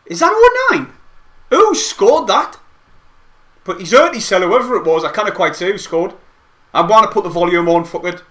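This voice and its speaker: A man giving excitable, rambling play-by-play of a match from home, as host of a fan watch-along. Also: sits high, moderate pace. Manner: excitable, rambling fan commentary with mild swearing. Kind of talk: casual live play-by-play commentary. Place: at home, not at the stadium.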